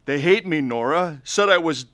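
A man's voice: medium pitch, animated, normal speed, no room sound, clean studio sound, lightly acted. A man playing a desperate alcoholic, sullen at first and later slurring and pleading, in a radio drama. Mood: drunk pleading.

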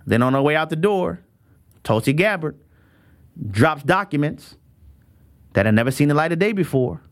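A man hosting a talk show, giving opinionated commentary in an animated way, dropping his voice low for asides and laughing often. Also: moderate pace.

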